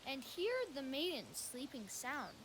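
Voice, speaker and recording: A nimble, mischievous male fairy servant, played by a young woman on an outdoor youth stage. He speaks slow, sing-song verse with a lively, rising and falling pitch. Crickets and outdoor noise fill the background. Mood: sly.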